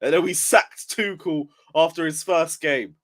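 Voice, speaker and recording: A man's voice: a little high, a little slow, fairly bright tone. A young man ranting on a casual football live stream, just woken up and yawning, swearing in frustration as he reads chat aloud. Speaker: football livestreamer.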